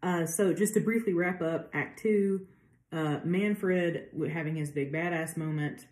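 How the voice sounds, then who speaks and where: A woman's voice: lowish voice, a little slow, darkish tone, reverberant. A woman giving a casual literature lecture, chatty with many fillers, acting out quotes as she goes. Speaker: literature professor.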